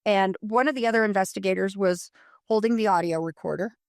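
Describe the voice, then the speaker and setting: A middle-aged woman from Colorado telling a paranormal investigation story in a casual interview, animated and full of fillers, acting out quotes. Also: medium pitch, brisk, creaky, no room sound, clean studio sound.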